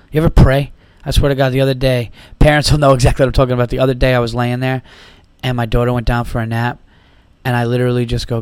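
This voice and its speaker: Tired comedian guy in his 30s riffing on his podcast, kinda sick, swears a lot, normal pitch, dry close mic. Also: little pitch movement, quick pace, a little mellow, smooth, no echo. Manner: rambling, profane, giddy riffing. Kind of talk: casual solo podcast monologue.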